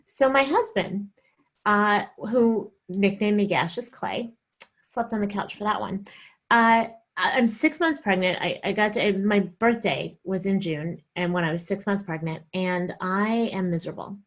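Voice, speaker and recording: A young woman from the American South telling a stand-up comedy story, animated and acting out the voices she quotes. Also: mid-range voice, measured pace.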